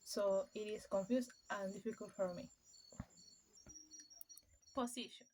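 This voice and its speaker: A young woman student presenting her class project in a halting, hesitant way with fillers. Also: mid-range voice, steady tone, a little mellow, a little hiss or hum, poor audio. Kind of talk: read-aloud class presentation.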